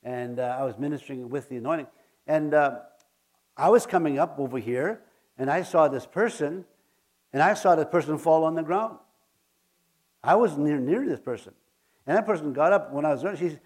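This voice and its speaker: Halting, earnest preacher with a higher voice. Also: male voice, a little mellow. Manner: earnest, halting, often repeats words. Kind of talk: sermon.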